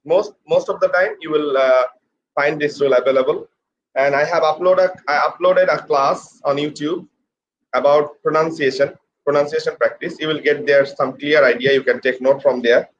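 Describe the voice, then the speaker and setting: A man with a slightly high voice gives a pronunciation lesson. He speaks slowly, spells each word letter by letter and repeats it. The recording sounds a bit muffled, with a faint hiss behind him. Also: steady tone. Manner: slow, repeats words and spells them out letter by letter. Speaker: English teacher. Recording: slightly dull with faint background noise.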